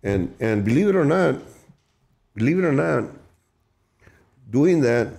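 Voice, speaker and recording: A man's voice: mid-range voice, expressive, a little slow, creaky, darkish tone. A man telling his recovery story in an emphatic, profane, emotional way, often repeating and restarting his words. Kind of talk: candid storytelling.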